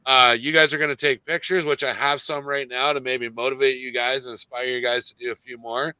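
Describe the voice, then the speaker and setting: A man's voice: medium pitch, flat delivery, a little fast, pushed and bright, clean tone, no echo, low-quality recording. A man hosting a casual panel podcast, loose and joking with plenty of fillers. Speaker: podcast host.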